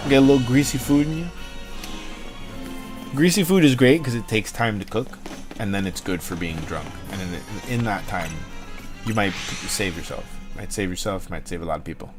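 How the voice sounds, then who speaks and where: A young man chats loosely on his livestream, rambling from one joke to the next and swearing freely. His voice sits a bit low. Faint music plays behind him. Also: moderate pace. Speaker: livestream host. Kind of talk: casual chat to stream chat.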